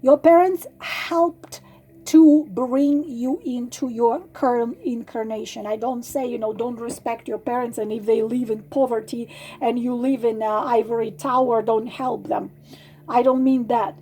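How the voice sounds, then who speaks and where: Slow high-voiced woman giving earnest advice. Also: steady tone, dark tone, husky. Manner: pleading, repeats herself, many ums and restarts. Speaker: tarot channel host giving advice.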